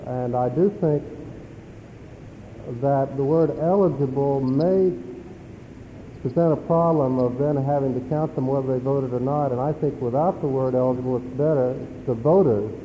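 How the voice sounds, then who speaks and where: A man's voice: medium pitch, moderate pace, highs cut off, a little hiss or hum. A man speaking as a delegate in floor debate, careful and hesitant. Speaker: assembly delegate. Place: large assembly hall. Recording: reverberant hall audio.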